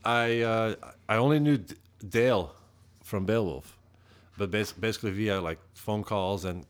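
Man, low-ish voice, casual interview guest, easygoing profane storytelling, acts out quotes. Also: unhurried. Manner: profane, laid-back, acts out quotes with rising pitch. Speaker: podcast guest, metal musician.

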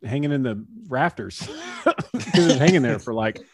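A man who pitched professionally, telling casual anecdotes in an interview, acting out quotes and laughing often. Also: expressive, moderate pace, husky, dry recording. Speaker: former baseball pitcher, guest.

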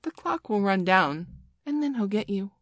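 A woman's voice: medium pitch, expressive, normal speed, fairly bright tone, dry recording, clean studio sound, voice pushed up. A woman voicing a simple, eager male pirate sidekick in a storybook reading, raising her voice into an earnest, slightly naive tone.

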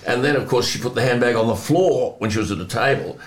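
An older man hosts a talk show and tells his anecdotes at an easy, chatty pace. He chuckles often and drops quick asides as he goes. The sound is roomy and echoey. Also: mid-range voice, fairly even intonation. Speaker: host. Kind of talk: conversational storytelling.

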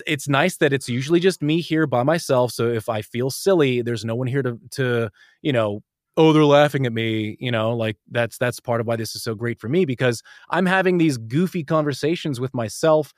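Casting note: American male narrator and voice actor, animated guest chatter, mid-pitched, dry close sound. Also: no room sound. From United States. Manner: animated and eager, quick to jump between ideas. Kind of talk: casual interview talk.

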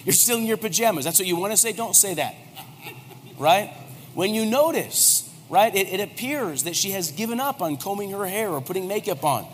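High-voiced joking male pastor. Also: moderate pace. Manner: animated, joking, acts out quoted voices. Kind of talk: humorous sermon. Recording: hall reverb, faint background noise.

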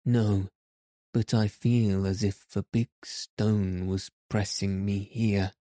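A man reading the lines of a frightened, homesick little orphan girl in a soft, plaintive way. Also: fairly low pitch, level tone, slow pace, no echo, clean studio sound.

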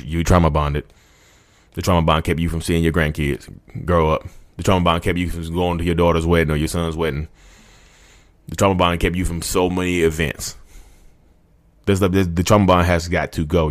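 A man, hosting his own channel and ranting with emphatic repetition, calling his listeners y'all. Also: deep voice. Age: 30s. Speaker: YouTube host. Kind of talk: impassioned rant to camera.

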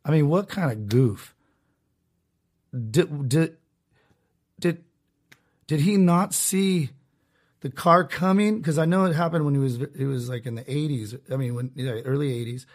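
A man's voice: mid-range voice, moderate pace, pauses often, mellow. A man hosting a solo podcast, talking in a rambling, sarcastic way with many restarts and asides. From Southern California. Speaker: podcast host.

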